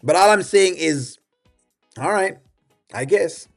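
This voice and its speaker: A man with a Jamaican accent talks through a reaction video, opinionated and loose, with plenty of "you know" and "um". His voice sits a little higher than most men's. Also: lively intonation, slow pace, vocal fry, faint music behind. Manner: rambling, opinionated, many fillers. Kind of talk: casual commentary.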